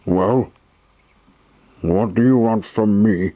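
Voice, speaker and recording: A man reading the part of a gruff, harsh puppet showman in a slow, low voice. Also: mellow, no echo, poor audio. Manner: harsh, commanding.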